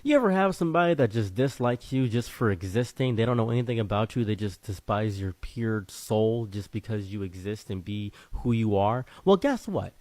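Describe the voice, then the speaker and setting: A man opens a story in a wry, conversational tone. His voice is lowish, recorded dry with no room sound. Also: moderate pace, few pauses, a little mellow, no room sound. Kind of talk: story narration.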